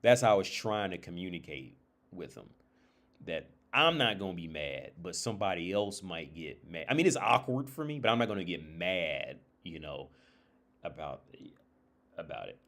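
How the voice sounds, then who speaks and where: A man's voice: sits low, sing-song, normal speed, fairly bright tone. A man telling a story on a casual livestream, rambling with many restarts and filler words. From United States. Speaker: streamer and therapist.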